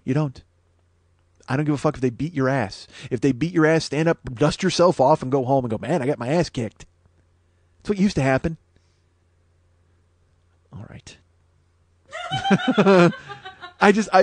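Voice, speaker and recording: A man in his forties hosting a comedy podcast, ranting with heavy profanity and loud outbursts. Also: on the high side, no room sound. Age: 40s.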